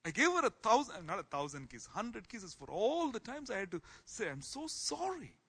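A man teaching a Bible class in sermon style, swinging from soft asides to loud exclamations. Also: high-pitched, big pitch swings, a little fast, husky.

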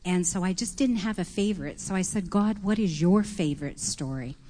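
A woman on a church panel tells her story in a calm, reflective way, taking her time. Her voice sits a little low for a woman. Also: normal speed. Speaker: panelist, prophetic minister.

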